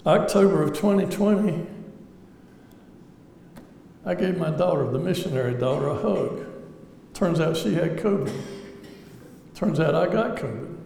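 Before an audience in a large, echoey hall with faint background ambience, a lay speaker shares an earnest testimony that is reflective and wryly funny. His voice is on the high side, expressive and creaky, with a dark tone. He takes his time and pauses often, and a little hiss or hum can be heard.

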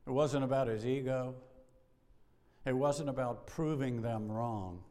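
A middle-aged male pastor delivers a sermon with lively energy, slipping into acted dialogue and chuckling as he goes. His voice sits in a middle register. It carries a long reverb tail, as if recorded in a large sanctuary. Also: medium pitch, unhurried. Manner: animated preacher, acts out dialogue, laughs often.

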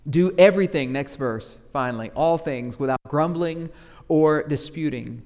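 Animated preacher in a reverberant church. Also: male voice, on the high side, normal speed. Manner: animated preaching, acts out grumbling church members in asides. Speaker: pastor. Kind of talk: sermon.

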